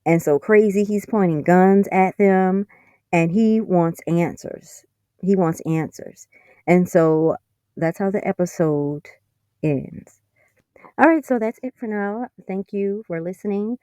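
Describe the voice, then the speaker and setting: A woman's voice: mid-range voice, slow, mellow, dry recording, studio quality. A woman recapping a TV episode in a chatty, sarcastic way, full of fillers. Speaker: TV episode reviewer. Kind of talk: casual spoken recap.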